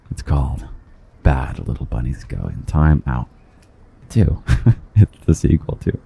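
A man's voice: rumbling low, creaky, mellow, slightly rough. A man hosting a flirty, rambling walking podcast outdoors, slightly out of breath, laughing often. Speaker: podcast host. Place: outdoors on busy city streets. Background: traffic and construction noise.

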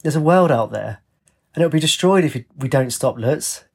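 A man reading aloud, voicing an earnest, impulsive young woman in a raised, husky voice. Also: moderate pace, full character voice. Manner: raised pitch, lively delivery.

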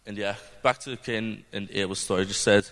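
A man's voice: lowish voice, steady tone, a little fast, a bit bright. A young man from the UK giving an earnest, rambling testimony at a church gathering, full of fillers. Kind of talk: informal testimony talk. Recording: long hall reverb.

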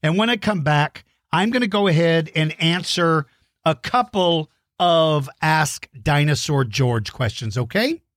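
A man's voice: on the high side, expressive, measured pace, fairly bright tone, no echo, clean studio sound. A middle-aged man hosting a children's dinosaur show, enthusiastic and encouraging, explaining things simply. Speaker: host answering kids' dinosaur questions. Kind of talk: friendly kids' show chat.

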